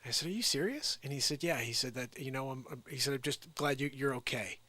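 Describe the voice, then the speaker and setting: Male show host, mid pitch, lively anecdote with quoted dialogue, dry recording. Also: fast talker, dry recording. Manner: animated retelling with quoted dialogue. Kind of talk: casual storytelling.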